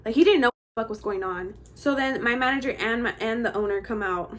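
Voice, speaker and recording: Young female vlogger, casual slangy storyteller, lots of "like", voice a touch high. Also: brisk, a little hiss or hum. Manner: chatty, slangy, heavy use of "like" and "bro". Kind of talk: casual storytime while getting ready.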